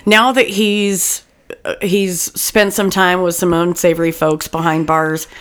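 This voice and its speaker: A woman chatting casually as co-host, telling lively stories, swearing freely and laughing often. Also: on the low side, measured pace, clean tone. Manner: animated, voices the people in her stories. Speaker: podcast co-host. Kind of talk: casual chat, storytelling.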